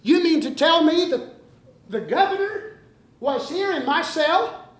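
A man's voice: extremely high pitch, animated, unhurried, pitched above the performer's own voice. A preacher voicing a condemned young man who cries out in anguished disbelief and regret, heard in a roomy hall.

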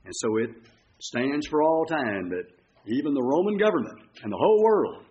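A male preacher telling a story from the pulpit in a lively style and acting out the quotes. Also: mid-range voice, moderate pace. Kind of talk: sermon. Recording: dull lo-fi recording.

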